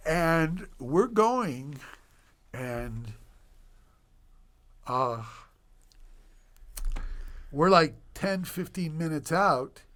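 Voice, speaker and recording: Older man, slow animated storyteller. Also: a little high. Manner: animated, laughing storyteller with dramatic pauses. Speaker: doctor guest on a podcast. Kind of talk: personal storytelling in conversation.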